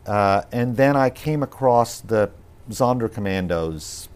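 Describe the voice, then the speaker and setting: A man with a fairly low voice is interviewed as a guest. He speaks in a measured, reflective way, stopping often to pick his words with ums and restarts. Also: lively intonation, a little mellow. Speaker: actor being interviewed. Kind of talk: podcast interview.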